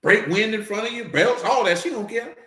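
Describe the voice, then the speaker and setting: A man's voice: high-pitched, lively intonation, fairly quick, bright, forceful tone. A man preaching in a casual, blunt way, with profanity and jokes mixed into his teaching. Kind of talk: casual sermon-style teaching. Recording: roomy echo.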